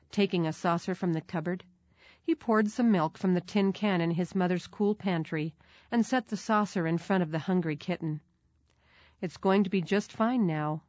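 A woman narrating a children's storybook in a measured, clear manner. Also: fairly low pitch, darkish tone, dry recording. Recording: dull, dry recording.

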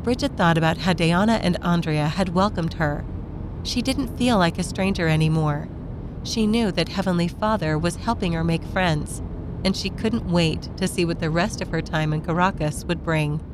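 Gentle low-voiced woman reading a children's story. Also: moderate pace, background noise. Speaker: narrator. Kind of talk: scripted narration of a children's story.

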